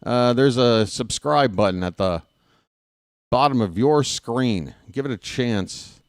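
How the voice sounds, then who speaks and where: Slow, lively joking baseball streamer. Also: male voice, medium pitch, clean tone, no room sound, studio quality. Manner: rambling, self-mocking, jokey asides. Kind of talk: casual live-stream chat and commentary.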